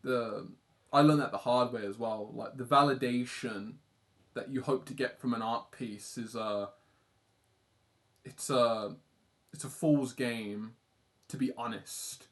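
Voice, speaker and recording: A man's voice: medium pitch, takes it slowly, long pauses, fairly bright tone. A young British man from the UK chatting casually on a live stream, rambling and self-deprecating, reading chat aloud and swearing offhand.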